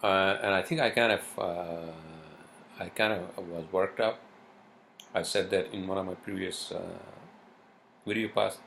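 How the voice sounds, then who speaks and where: Low gravelly dude swearing his way through a rambling podcast rant, faint hiss behind. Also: fairly even intonation, normal speed, fairly bright tone. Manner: profane, meandering, lots of fillers. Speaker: podcast host. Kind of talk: rambling solo podcast monologue.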